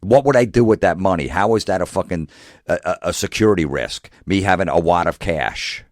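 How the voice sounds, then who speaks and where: A comedian with an extremely low voice, talking a little fast, rants through a profane, exasperated monologue packed with rhetorical questions. The recording is dry and close, with no room around it.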